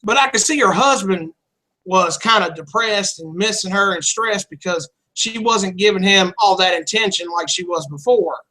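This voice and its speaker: A man's voice: high voice, moderate pace, bright, forceful tone, low-quality recording. A man telling a candid personal story in casual chat, rambling and blunt, swearing freely. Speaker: channel host.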